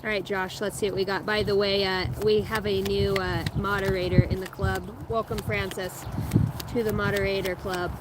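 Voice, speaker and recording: Rich: A woman in her thirties or forties chats casually with her live viewers and reads them tarot cards. She swears freely and talks in a loose, offhand way. Her voice sits in the middle of the pitch range, with loud noise behind it. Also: flat delivery, moderate pace. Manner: loose, profane, laughing, reading chat aloud. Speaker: tarot reader streaming live. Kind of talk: casual live-stream chat and card reading.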